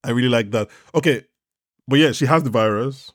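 A man hosting a casual podcast, rambling and animated, swearing freely. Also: mid-range voice, brisk, no echo, studio quality. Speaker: podcast host. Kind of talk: casual chat.

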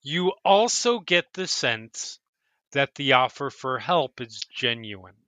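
Bright-voiced man running a tabletop game. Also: mid-range voice, sing-song, slow, no room sound. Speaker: dungeon master.

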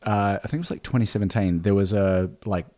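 A man's voice: lowish voice, quick pace. Laid-back New man narrating. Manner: relaxed, laid-back retelling with frequent fillers. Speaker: podcast co-host. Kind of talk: casual storytelling podcast.

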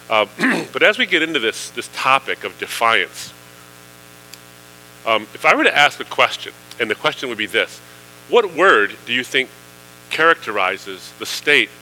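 A man's voice: medium pitch, sharp tone, slight background noise, poor audio. A man preaching a sermon in a conversational way, with fillers, building to emphatic questions. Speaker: pastor.

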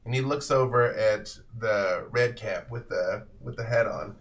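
A man's voice: mid-range voice, a little slow. A man narrating a tabletop game as game master in a casual, descriptive way.

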